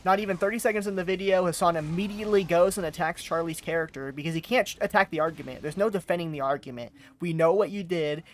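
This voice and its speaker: A man commenting on a stream clip, exasperated and mocking, often calling the subject "bro". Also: on the high side. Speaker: commentary host. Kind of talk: reaction commentary.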